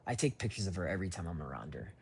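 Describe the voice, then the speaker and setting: Husky-voiced man rambling in a voice memo. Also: low-pitched, very animated, racing, darkish tone. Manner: rambling and reflective, with many fillers and restarts. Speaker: voice diary keeper. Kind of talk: personal voice memo diary. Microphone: phone voice memo.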